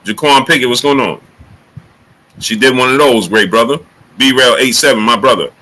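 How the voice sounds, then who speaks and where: A man hosting a casual boxing talk livestream, greeting chatters by name and jumping into high excited exclamations. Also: moderate pace, slight background noise, poor audio. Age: adult. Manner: animated, rising to high excited exclamations when joking. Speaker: livestream host.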